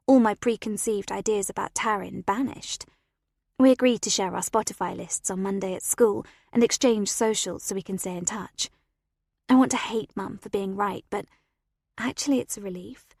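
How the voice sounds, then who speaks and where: A woman narrating a first-person story as an audiobook reader, expressive and animated, on a close studio mic. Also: mid-range voice, creaky, dry recording.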